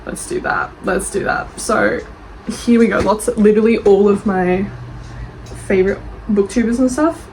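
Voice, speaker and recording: Animated Australian woman reacting to reviews. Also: medium pitch, a little hiss or hum, poor audio. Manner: animated, defensive, quick to react, swears freely. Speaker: book reviewer and author. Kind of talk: casual chat reading reviews aloud.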